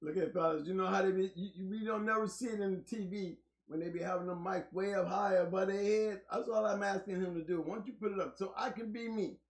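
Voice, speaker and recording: A man co-hosting a live-streamed talk show who sits back and talks low. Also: fairly even intonation, fast, hardly any pauses, echoey room. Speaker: co-host. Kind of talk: casual live-stream chat.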